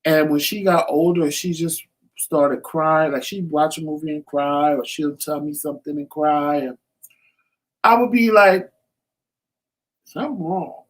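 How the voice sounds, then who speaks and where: A man's voice: on the high side, a little slow. Earnest reflective man co-hosting. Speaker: co-host. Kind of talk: casual chat.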